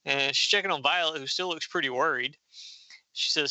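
A middle-aged man, a podcast host, narrates a comic story in a lively, casual way. His voice is bright and a bit high. The sound is dry and close. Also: a little fast, no room sound, low-quality recording. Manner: animated, slips into voices. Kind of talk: casual comic recap reading.

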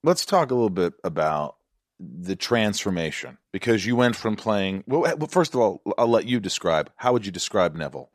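Lively low-voiced male podcast host. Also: normal speed, no room sound, studio quality. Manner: jokey, probing questions. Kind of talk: casual podcast interview.

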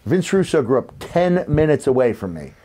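In a relaxed storytelling chat, a fifty-something podcast host and ex-wrestler with a faint New York accent reminisces, rambling with lots of fillers. His mid-range, mellow voice swings widely in pitch at a moderate pace.

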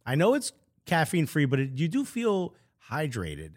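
Dude on a podcast, jokey and animated, voice a bit on the high side. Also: male voice, normal speed. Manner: animated, joking, laughs often. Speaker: podcast co-host. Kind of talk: casual podcast chat.

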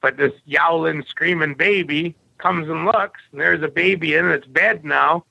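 A man from Canada, a podcast guest, telling stories bluntly with a rough edge. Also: fairly high pitch, unhurried, bright, forceful tone, no echo, poor audio. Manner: blunt, rough-edged storyteller. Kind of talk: casual storytelling interview.

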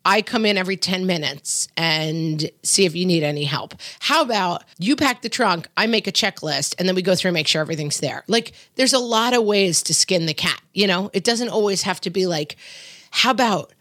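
A middle-aged woman speaks firmly and emphatically in a relaxed podcast chat. Her voice sits a little low for a woman. The recording is dry and close, with no room sound. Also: brisk, hardly any pauses, no room sound. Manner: firm, emphatic, acts out quotes in animated voices. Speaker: podcast co-host. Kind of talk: casual parenting chat.

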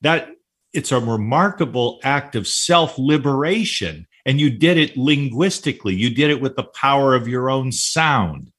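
A man co-hosts a talk show in a husky, slightly breathy voice at a middle pitch. He speaks in a wordy, emphatic way. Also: lively intonation, moderate pace, a bit bright. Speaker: co-host. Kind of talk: casual chat on a talk show.

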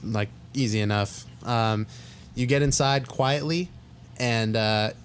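A man's voice: medium pitch, takes it slowly, slight background noise. Casual young male game master. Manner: casual, rambling, lots of fillers. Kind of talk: narrating a tabletop game.

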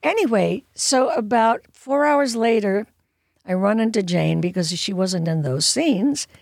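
A woman in her nineties telling anecdotes as a guest in an interview, lively and wry, acting out what people said. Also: medium pitch, measured pace, gravelly, no echo, studio quality. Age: 90s. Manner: lively storyteller, acts out quotes, wry.

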